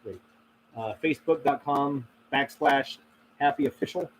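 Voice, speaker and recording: Here a man speaks in a mid-range voice at normal speed over a rough recording. He's the host of a paranormal channel's casual live stream, going through the chat and answering it in a meandering style packed with fillers and laughs.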